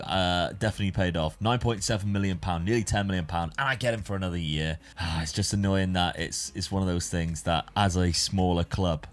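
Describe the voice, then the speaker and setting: Male gaming host, chatty and self-correcting, slightly low voice. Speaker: gaming YouTuber. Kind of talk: casual gameplay commentary.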